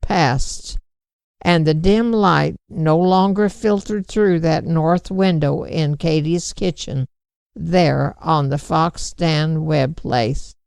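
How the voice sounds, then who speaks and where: A woman narrating a storybook chapter in a measured, unhurried way. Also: low-pitched, creaky, a little mellow, smooth, no room sound. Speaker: audiobook reader.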